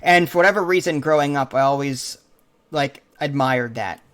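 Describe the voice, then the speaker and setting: A man's voice: medium pitch, normal speed, fairly bright tone. A man hosting a casual podcast chat, talking eagerly and retelling favourite scenes. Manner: enthusiastic, retells scenes with quoted lines. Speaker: podcast host.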